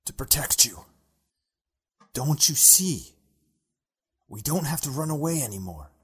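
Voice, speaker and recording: A man playing a desperate young dark warrior. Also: medium pitch, sing-song, a little slow, slightly rough, full character voice. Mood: pleading. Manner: pleading turning to shouting. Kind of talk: voice audition reading.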